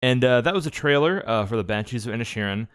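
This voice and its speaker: A man hosting a casual movie podcast, talking in a halting way with many filler sounds as he sets up the episode. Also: mid-range voice, expressive, smooth, dry recording, clean studio sound. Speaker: podcast host. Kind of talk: casual movie review chat.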